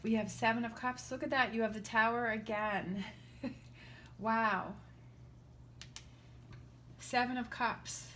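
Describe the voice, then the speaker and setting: A woman's voice: fairly high pitch, fairly even intonation, slow, pauses often, a bit bright, a little hiss or hum. Earnest, reassuring woman reading tarot. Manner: earnest and reassuring, often checking in with the listener. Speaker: tarot reader. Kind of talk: casual spoken tarot reading.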